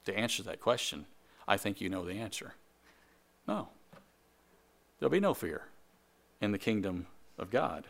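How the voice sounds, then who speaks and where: A man preaching a sermon to a congregation in a conversational way, with jokes, quick asides and repeated phrases. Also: lowish voice, sing-song, gravelly, fairly bright tone. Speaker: pastor.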